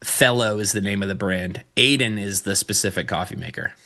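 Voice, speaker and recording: A man's voice: lowish voice, fairly quick. A man co-hosting a casual live trading show, joking around and talking about his hobbies, and a bit stuffed up. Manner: playful and joking, excitable asides. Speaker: co-host.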